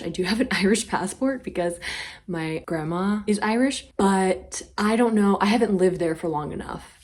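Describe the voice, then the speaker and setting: Woman vlog host with a lowish voice, chatty and a bit dramatic. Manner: chatty, dramatic, with playful exaggeration. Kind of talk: casual commentary vlog.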